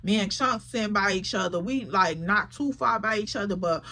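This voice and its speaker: A woman, casually telling a story to camera and quoting friends in quick, slangy voices. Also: mid-range voice, pushed and bright. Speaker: storytime vlogger.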